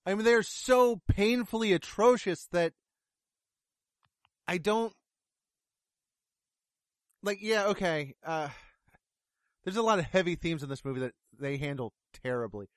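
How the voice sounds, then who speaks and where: A man's voice: high voice, a little slow, long pauses, no room sound, clean studio sound. A man giving a casual, blunt and profane movie review, sarcastic about what he dislikes. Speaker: film reviewer.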